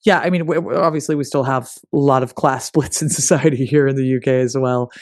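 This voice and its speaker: A man co-hosting a casual history chat, animated and joking, often swearing and acting out little voices. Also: medium pitch, brisk, no room sound, studio quality. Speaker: podcast co-host. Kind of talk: casual conversational discussion. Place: lives in the UK.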